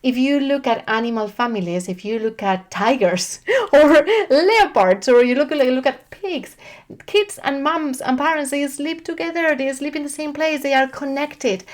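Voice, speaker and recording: Chatty woman parent coach, fairly high voice. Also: moderate pace. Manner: chatty, animated, frequent restarts and "like". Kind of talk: casual talk to camera.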